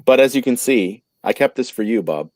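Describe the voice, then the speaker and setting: A man hosting a casual podcast chat, joking and telling stories in an animated way. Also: mid-range voice, a little fast, no echo. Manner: animated, jokey storyteller. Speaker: podcast host.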